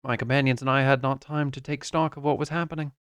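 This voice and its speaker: A man reading a classic novel aloud as an audiobook, narrating in the first person in a measured, expressive way. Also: medium pitch, smooth, dry recording, clean studio sound.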